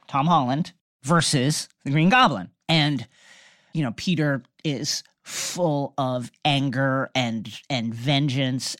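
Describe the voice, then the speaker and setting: A woman recapping a film plot in a casual chat, telling the story with animated energy and frequent restarts. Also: very deep voice, no room sound, studio quality. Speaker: podcast co-host recapping a film.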